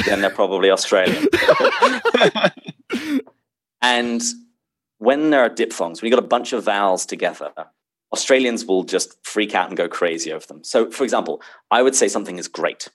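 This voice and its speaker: Man, low-pitched, podcast guest, articulate, laughs easily. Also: moderate pace, poor audio. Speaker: podcast guest, speaker on C. S. Lewis. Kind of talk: casual interview chat.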